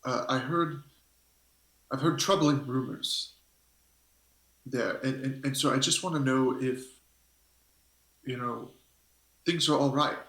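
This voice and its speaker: A man's voice: mid-range voice, slow, long pauses, a bit bright. A man voicing a polite, cautious merfolk man who speaks formally and deferentially. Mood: polite concern. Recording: echoey room.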